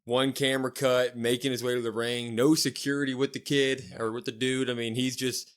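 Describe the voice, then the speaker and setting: A man's voice: medium pitch, little pitch movement, brisk, smooth. A male podcast co-host tells a story in a loose, slangy play-by-play. His voice sits in an ordinary middle register, and the chat stays casual and easygoing. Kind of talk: casual chat recapping a wrestling show.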